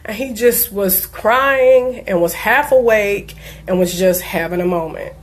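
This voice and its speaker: An earnest, emphatic woman speaks as a coach in a mid-range voice, repeating key points with conviction. She shifts between steady advice and heartfelt storytelling. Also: mid-range voice, measured pace. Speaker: diabetes life coach. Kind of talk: personal motivational talk.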